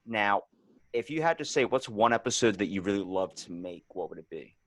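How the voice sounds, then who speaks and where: A man's voice: on the low side, lively intonation, brisk, no room sound. A man hosting a casual interview, loose and joking, with a slangy way of talking. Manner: loose, joking, slangy, does silly voices. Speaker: podcast host.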